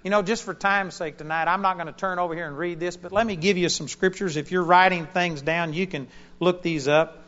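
A man preaches to a congregation in an auditorium. His voice sits a little high, and he moves from forceful, loud proclamations to soft, mellow asides. The sound is muffled and lo-fi. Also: steady tone, brisk. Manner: emphatic, swings between loud declarations and quiet asides. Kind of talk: sermon.

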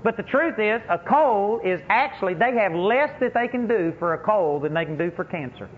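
High-voiced emphatic preacher man, tinny recording. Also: expressive, normal speed. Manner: folksy, emphatic, laughing storyteller. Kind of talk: sermon with personal stories. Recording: tinny phone-like recording with faint hiss.

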